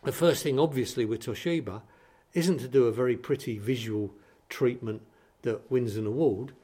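A man's voice: mid-range voice, moderate pace, warm tone, breathy edge. An older man from East London, an advertising executive, telling stories in an interview in a blunt, punchy way. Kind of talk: interview storytelling.

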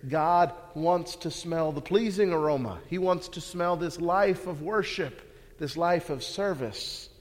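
Preacher guy, a bit high voice, earnest, asks lots of questions, long hall echo. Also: measured pace. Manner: earnest, rhetorical questions, repeats words when restarting. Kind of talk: sermon.

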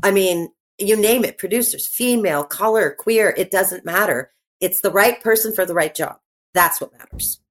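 A middle-aged woman talking as an interview guest in casual chat, animated and rambling, restarting her sentences often and filling pauses. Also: mid-range voice. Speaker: actress and podcast guest.

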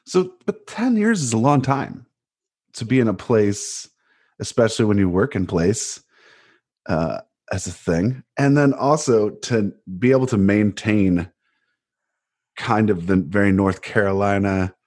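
Low husky guy asking questions, kinda rethinks them mid sentence. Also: lively intonation, unhurried, darkish tone. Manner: thoughtful, rephrases questions as he goes. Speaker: interviewer host. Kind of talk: conversational interview.

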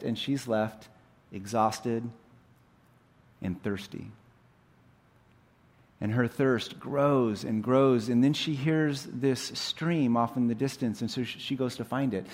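A male pastor giving a sermon, telling stories that swell in intensity and then drop to a low, quiet tone. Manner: storytelling, building up scenes with rising intensity then dropping low.

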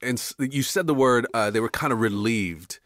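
A man co-hosting a podcast, thoughtful and quick to laugh, often restarting his sentences. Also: medium pitch, a bit bright, dry recording, studio quality. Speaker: podcast co-host. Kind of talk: casual conversation.

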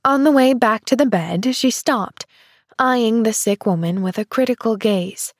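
A woman narrating a classic novel in measured, gentle storytelling. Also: a little high, no echo, studio quality. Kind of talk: audiobook narration.

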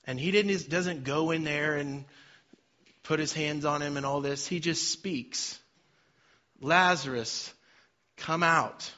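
A man, a pastor, preaching a sermon with dynamic swings between loud emphasis and soft, quiet lines. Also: a little high, fairly even intonation, measured pace, dull audio.

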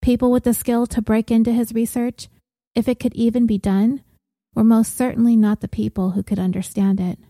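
A woman reading a novel aloud as narrator, in a measured, gentle storytelling manner. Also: on the high side, flat delivery, no room sound. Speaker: audiobook narrator. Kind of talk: scripted narration.

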